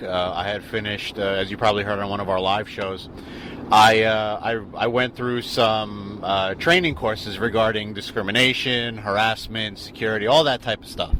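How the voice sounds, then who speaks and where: A man's voice: lowish voice, steady tone, moderate pace, pushed and bright, a little hiss or hum, low-quality recording. Man explaining his view in a car. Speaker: podcast co-host. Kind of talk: casual chat. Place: inside a car on the road.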